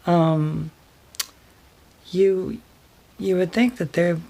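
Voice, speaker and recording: A woman telling a personal story in a vlog, soft and hesitant, pausing often with fillers. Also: lowish voice, creaky. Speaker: vlogger.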